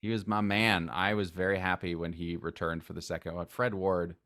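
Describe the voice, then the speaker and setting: A man who is a guest in a casual interview, talking enthusiastically and rambling, with sudden loud acted outbursts. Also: sits low, flat delivery, fairly quick.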